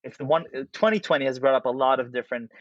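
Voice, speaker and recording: A man's voice: medium pitch, dry recording. Hesitant male interviewer, muffled dry audio. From outside the United States. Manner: halting, restarts phrases while framing questions. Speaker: podcast host.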